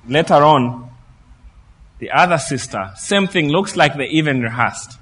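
Higher-voiced preacher, storytelling. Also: male voice, moderate pace, husky, long reverb tail. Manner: lively storytelling preacher who acts out the quoted speech. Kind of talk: sermon.

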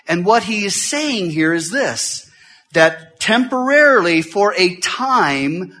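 A middle-aged man preaching in a church, his voice a little high and bright. He talks fast and swings between loud bursts and hushed, quiet moments. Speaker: visiting pastor. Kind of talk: sermon.

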